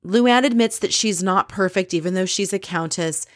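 A woman's voice: medium pitch, moderate pace, no room sound, clean studio sound. A woman casually recapping a reality show episode, opinionated and candid, swearing freely as she quotes what others said.

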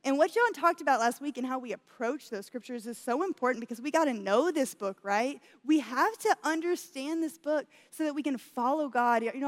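A woman's voice: fairly high pitch, in a large hall. A young woman giving a chatty sermon with a personal story, laughing often and saying "y'all" as she speaks to her congregation. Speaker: church speaker.

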